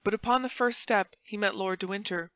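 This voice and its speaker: A woman narrating a classic novel audiobook with a dramatic, expressive reading. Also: mid-range voice, fairly quick, smooth, no room sound, low-quality recording. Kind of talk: scripted narration.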